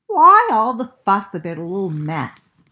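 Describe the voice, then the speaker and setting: A woman reading aloud, voicing an eager, untidy young boy turtle from a storybook in a raised childlike pitch. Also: huge pitch swings, unhurried, bright, forceful tone, exaggerated voice.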